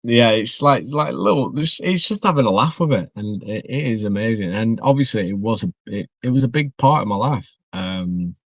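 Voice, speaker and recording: A man's voice: medium pitch, animated, moderate pace, few pauses, dry recording. A young man, chatting as a podcast guest in a rambling way full of restarts and fillers. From northwest England. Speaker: guest wrestler. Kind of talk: casual podcast chat. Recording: dry, dull muffled recording.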